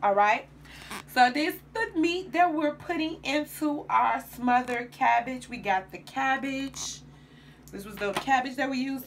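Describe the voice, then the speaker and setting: A woman's voice: high-pitched, a little slow, a little hiss or hum. A woman chatting casually to viewers as she cooks in her home kitchen. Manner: chatty, addresses viewers while cooking. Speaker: home cook vlogger. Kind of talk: casual cooking vlog.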